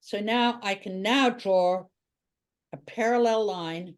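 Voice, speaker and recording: Woman, art teacher, drawing tutorial, chatty, thinks aloud while drawing, mid-pitched voice. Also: slow pace, clean tone.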